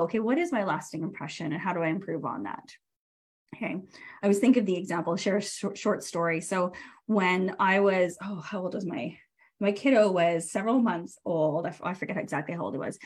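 Chatty woman coach giving a training. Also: medium pitch. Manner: chatty and animated, many fillers and self-corrections, laughs often. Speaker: podcast host and career coach. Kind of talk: casual live training talk.

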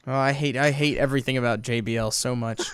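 A man's voice: medium pitch, fairly even intonation, quick pace, over a noisy crowd. Wry exasperated male co-host. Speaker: podcast co-host. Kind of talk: casual chat.

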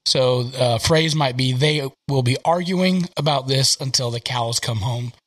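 A man's voice: medium pitch, measured pace, a bit bright. A man from the South hosting a podcast from his home office, rambling casually with lots of fillers. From American South. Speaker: podcast host. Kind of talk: casual chat.

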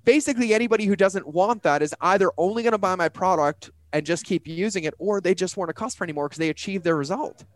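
A man talking as a business coach in a casual, animated way, full of slang and acted-out quotes. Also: high voice, quick pace, few pauses, no echo.

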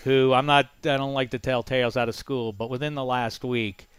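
A man's voice: medium pitch, fairly even intonation, a little fast, a little hiss or hum. A man hosting a casual sports talk show, joking and rambling with his co-hosts. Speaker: host. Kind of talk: casual sports radio banter.

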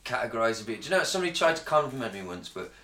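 A man's voice: mid-range voice, racing, reverberant. A man from England co-hosting a podcast in casual chat, sweary and rambling, telling stories with lots of energy. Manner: sweary, rambling, animated storytelling. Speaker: podcast co-host.

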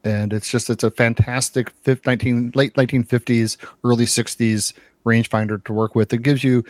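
A man's voice: mid-range voice, level tone, fairly quick, a little mellow, no room sound, studio quality. A man co-hosting a podcast in casual chat, talking at length with many repeats and filler words. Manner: repeats words, lots of uh and you know. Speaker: podcast co-host.

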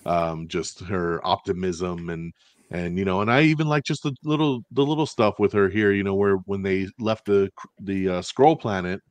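Male co-host, low register, dry mic, animated and chatty, reviewing films. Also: moderate pace, no room sound. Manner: animated, acts out quoted lines, swears casually. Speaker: podcast co-host. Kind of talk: casual movie review chat.

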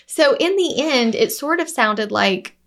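Animated woman telling a work story. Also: high-pitched, measured pace. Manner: animated, acts out both sides of phone calls. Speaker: podcast co-host, real estate agent. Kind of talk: casual storytelling chat.

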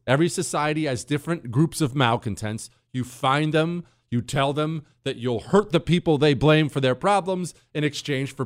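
A middle-aged American radio host airs his opinions in a sarcastic, combative monologue, restarting sentences and wandering into asides. He has a mid-range voice, and the studio-quality recording has no echo.

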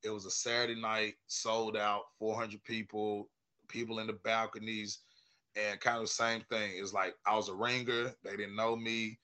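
Male stand-up guest, bright edgy voice, loose profane storytelling. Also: fairly low pitch, normal speed. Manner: animated, profane, acts out quoted voices loudly. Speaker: stand-up comedian, podcast guest. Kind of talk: casual storytelling chat.

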